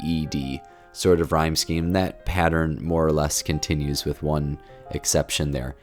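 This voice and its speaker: Male literature lecturer, very deep voice, reflective and explanatory, soft music bed. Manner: thoughtful, explanatory, with restarts. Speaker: literature teacher. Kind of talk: poetry lecture.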